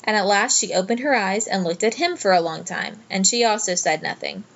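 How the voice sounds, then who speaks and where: A woman reads a children's storybook aloud in a gentle, measured way. Her voice sits at a middle pitch and sounds slightly muffled, as if recorded with dull audio. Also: gravelly. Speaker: audiobook narrator.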